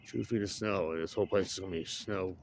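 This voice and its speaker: A man with a fairly low voice rambles through an easygoing outdoor chat and breaks into chuckles often. Faint noise and birdsong sit behind him. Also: fairly even intonation, fairly quick. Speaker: vlogger. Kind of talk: casual chat.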